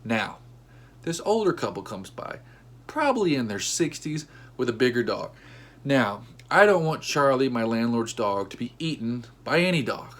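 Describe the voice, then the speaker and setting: A man telling a comedic story about his everyday life, animated, bursting into high-pitched outbursts when he acts out what people said. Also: normal speed.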